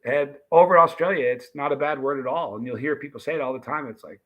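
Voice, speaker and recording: Bright-voiced man telling a rambling story. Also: medium pitch, fast. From United States. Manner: rambling, with many restarts and acted-out quotes. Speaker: livestream host. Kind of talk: casual storytelling to a live chat.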